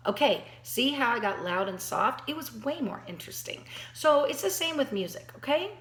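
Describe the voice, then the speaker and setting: A woman's voice: on the high side, lively intonation, fairly quick, hardly any pauses, a bit bright, slight background noise. A woman giving a piano lesson, talking straight to her student in an encouraging way, thinking aloud and counting beats. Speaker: piano teacher. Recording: roomy echo.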